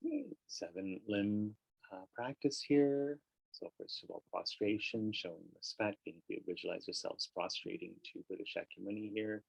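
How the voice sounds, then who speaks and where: A man leading a guided meditation and teaching, speaking in a relaxed, conversational way with casual fillers. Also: lowish voice, moderate pace, creaky, husky, no echo, poor audio.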